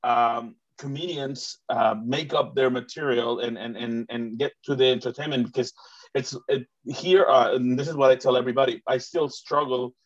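Host with rambling, excited talk. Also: male voice, mid-range voice, normal speed. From Mexico. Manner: rambling, many fillers and restarts, enthusiastic. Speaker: host and comedian. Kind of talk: casual chat. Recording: dull, muffled recording.

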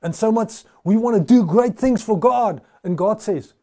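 A man's voice: sits high, lively intonation, moderate pace, hardly any pauses, dark tone. A male pastor preaching a sermon, telling stories in a conversational way with frequent restarts.

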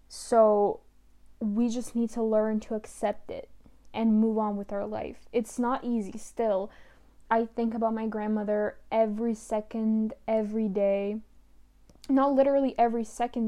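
A young woman talking in a personal monologue, emotional and halting, close to tears at times. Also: on the high side, dark tone.

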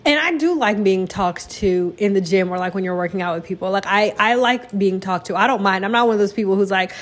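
A chatty young woman talks on her own in a loose, casual way, poking fun at herself as she goes. Her voice sits at a middle pitch. She jumps into big, exaggerated voices whenever she quotes other people. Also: quick pace, few pauses. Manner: chatty, self-deprecating, dramatic quoted voices. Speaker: podcast host. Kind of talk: casual solo chat.

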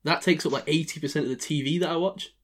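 A man's voice: fairly high pitch, quick pace, fairly bright tone. A man hosting a podcast, chatting loosely and laughing often. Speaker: podcast host. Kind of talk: casual chat.

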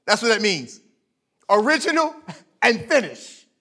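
A man preaching a sermon in an emphatic, conversational way, swinging from loud to quiet. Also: sits high, animated, normal speed. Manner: conversational, illustrates with sports stories.

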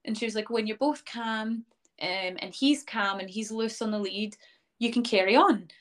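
Her voice pitched fairly high and her pace moderate, a young woman shares her story as an interview guest. She owns a dog and keeps things chatty, full of "um" and "like," acting out the things other people said.

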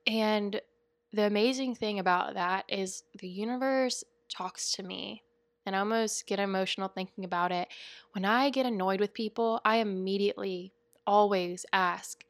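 A woman's voice: mid-range voice, moderate pace, dry recording. A woman hosting a spiritual coaching podcast, talking in an earnest, chatty and rambling way with frequent asides. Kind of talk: casual spiritual podcast monologue.

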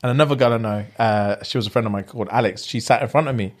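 A man's voice: mid-range voice, very fast. A young man telling a story in casual chat, acting out the voices of the people in it and using slang. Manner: animated, acts out voices in his stories, London slang.

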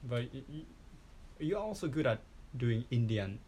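A man whose first language is Japanese, chatting in English with a slightly husky voice, stammering and apologizing often. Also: medium pitch, expressive, normal speed, mellow, a little hiss or hum. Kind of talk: casual chat.

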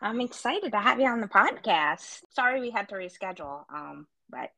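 A middle-aged woman hosts a podcast in a relaxed, chatty way. Her voice is slightly husky and stuffy, as if she were coming down with a cold, and it swings lively up and down in pitch. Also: moderate pace, slight background noise. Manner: chatty, laughs easily, self-deprecating. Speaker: podcast host. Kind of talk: casual interview chat.

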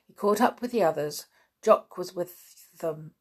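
A woman reading a children's novel aloud in a calm, even storytelling manner. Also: on the low side, a little slow, breathy edge. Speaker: audiobook narrator.

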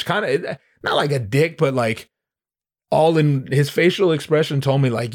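A man hosting a podcast, telling a story in a casual, animated way, with lots of stammering restarts and profane slang. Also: fairly high pitch, moderate pace. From Southern California. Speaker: podcast host.

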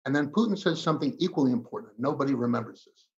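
A man arguing emphatically as a guest commentator, with dramatic pauses in a heated political debate. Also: medium pitch, darkish tone. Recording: slightly dull lo-fi audio.

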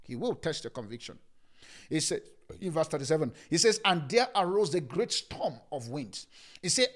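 Animated Nigerian pastor preaching a sermon. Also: male voice, high voice. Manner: animated preaching, shouting scripture then dropping to a calm hush.

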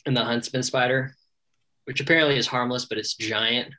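A man co-hosting a casual podcast, telling wry, animated stories. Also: medium pitch, fairly quick. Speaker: podcast co-host. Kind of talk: casual chat.

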